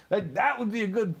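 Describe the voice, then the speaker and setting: Guy in his 30s podcasting, rambly and sweary, laughs at his own jokes, kinda high voice. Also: creaky. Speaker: podcast host. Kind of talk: casual rambling monologue.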